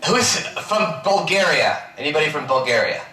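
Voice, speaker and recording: A man on a convention panel, teasing the audience in lively banter. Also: fairly high pitch, normal speed. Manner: boisterous, teasing. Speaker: guest actor on a convention panel. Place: large convention hall. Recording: roomy hall, distant mic.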